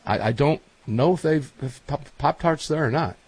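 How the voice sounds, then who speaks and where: A man hosting a casual chat show, telling stories in a chatty, animated way. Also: a little high, normal speed, slightly rough, dry recording. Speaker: host.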